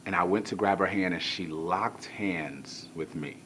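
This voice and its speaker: A male pastor telling a comic personal story in a sermon, animated, moving from hushed to shouting, with colloquial asides to the crowd. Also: deep voice, measured pace, a little hiss or hum.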